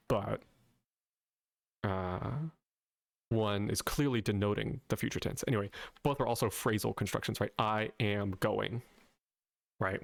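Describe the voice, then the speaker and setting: A man's voice: lowish voice, creaky, no echo, studio quality. A man from the southern United States with a light Southern accent, hosting a casual linguistics explainer and often checking in with "right?". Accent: light Southern American. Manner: conversational, checks in with "right?" after points. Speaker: linguistics video host.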